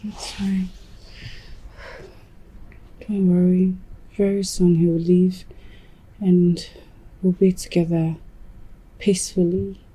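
A woman's voice: fairly low pitch, little pitch movement, slow pace, long pauses, mellow, husky. An actress playing a loving young wife with a Nigerian accent, caught between her father and husband, who pleads tenderly. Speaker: wife and daughter. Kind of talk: film drama acting.

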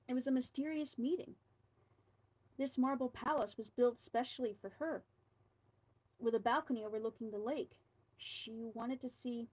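A woman reading a scary folk tale aloud, slipping in quiet asides between the lines. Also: a little high, rough recording. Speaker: storyteller.

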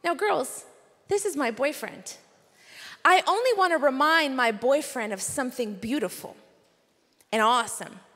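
High-voiced woman preaching in a big hall. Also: expressive, a little slow, long pauses, fairly bright tone. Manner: playful, chatty storytelling with asides to the crowd. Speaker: conference speaker. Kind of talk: sermon. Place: large conference hall. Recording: reverberant conference hall.

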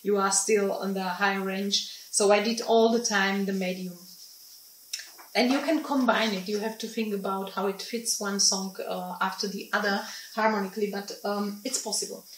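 A woman, a singing teacher, explaining in halting, phrasing with many pauses and restarts. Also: medium pitch, fairly even intonation, a little hiss or hum. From Slovakia. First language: Slovak. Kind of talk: informal teaching talk. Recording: roomy sound from a distant mic.

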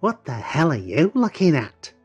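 A man's voice: high-pitched, big pitch swings, slow, darkish tone, lo-fi sound, faint music behind, pitched above the performer's own voice, heavily acted. A man voicing a nervous, cheeky working-class lad, brash then flustered.

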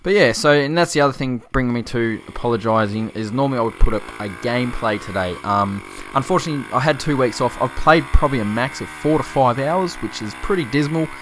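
A man's voice: medium pitch, animated, fast, slight background noise. An Australian man chatting casually in a rambling, laughing vlog while riding a motorbike, recorded on a chest-mounted camera. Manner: rambling, laughing, swearing freely. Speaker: motovlogger. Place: outdoors on a motorbike.

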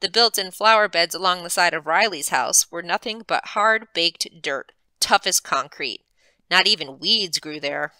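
A librarian reading a chapter aloud with expressive, animated narration, close to the mic. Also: female voice, lowish voice, unhurried, clear, resonant tone, no echo. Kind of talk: storybook read-aloud.

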